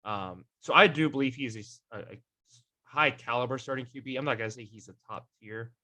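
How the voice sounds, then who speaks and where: Male sports podcast co-host, mid-pitched, bright tone, loose chatty delivery. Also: a little fast. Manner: rambling, hesitant, full of fillers and restarts; jokey, teasing his co-host. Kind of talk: casual sports chat.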